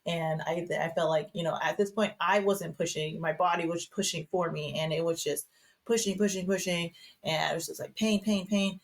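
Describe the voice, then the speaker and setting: Chatty woman guest, lowish voice. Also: fairly even intonation, moderate pace. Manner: chatty storytelling, many fillers and restarts. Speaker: podcast guest. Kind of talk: casual podcast conversation.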